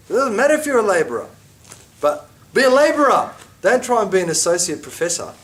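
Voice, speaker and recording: Animated man teaching a class. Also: high-pitched, quick pace, recorded from a distance. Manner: animated, conversational, with asides and mock quotes. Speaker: religious teacher. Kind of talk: informal class lecture.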